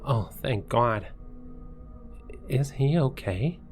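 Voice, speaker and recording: A man's voice: big pitch swings, slow pace, mellow, soft background music. A man voicing a distraught middle-aged mother who pleads in a trembling, raised voice. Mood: hysterical. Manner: trembling, high-pitched pleading.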